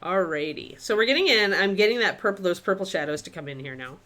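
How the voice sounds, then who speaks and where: A woman leads a live-streamed miniature painting session in a relaxed, chatty way. She thinks aloud while she paints. Her voice is bright and clear, and her pitch rises and falls a lot. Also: fast talker.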